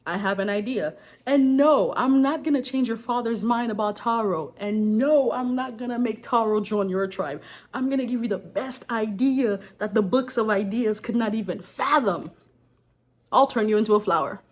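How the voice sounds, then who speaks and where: A woman's voice: a little high, normal speed, natural voice. A woman voicing a careless, joking male god, talking in a breezy, slangy, self-pleased way in a casual storytelling vlog. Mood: smug.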